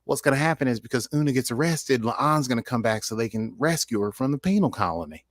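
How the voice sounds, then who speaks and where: A man's voice: mid-range voice, animated, quick pace, dry recording, clean studio sound. A man co-hosting a podcast in casual chat, rambling and jokey. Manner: chatty, rambling, jokey asides. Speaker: podcast co-host.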